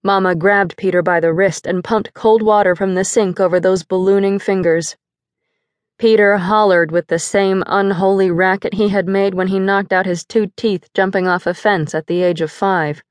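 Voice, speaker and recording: A woman narrates a first-person novel in a measured, dramatic voice of middle pitch. She is close on a studio mic, and the sound is dry with no room echo. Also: fairly even intonation. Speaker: audiobook narrator.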